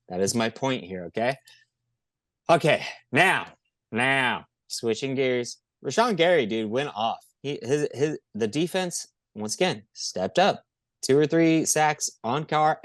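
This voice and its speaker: A man co-hosting a podcast, chatting casually about football in an excitable, profane, rambling way. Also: mid-range voice, no room sound, studio quality. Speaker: podcast co-host. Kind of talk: casual sports chat.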